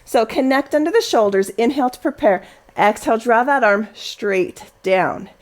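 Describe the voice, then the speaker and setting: A woman's voice: fairly high pitch, animated, moderate pace. A woman leading a Pilates class, giving cues and counting reps down in an encouraging way. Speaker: Pilates instructor. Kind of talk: guided workout instruction with counting.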